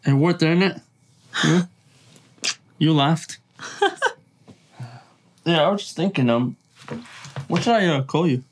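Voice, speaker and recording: A man's voice: on the high side, slow pace, long pauses, slightly rough, exaggerated voice. An actor playing a young man with dry, wisecracking banter with his girlfriend. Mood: wry. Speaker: boyfriend.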